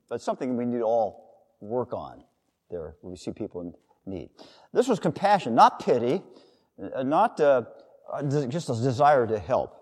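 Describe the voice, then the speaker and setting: Preacher in a long-reverb hall. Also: male voice, mid-range voice, darkish tone. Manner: conversational, with acted-out quotes and asides. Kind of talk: sermon.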